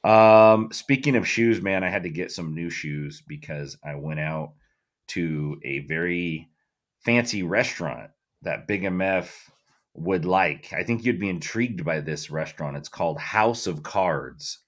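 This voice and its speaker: A man's voice: sits low, a little slow. A middle-aged man co-hosting a podcast in loose, profane casual chat, full of fillers. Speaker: podcast co-host.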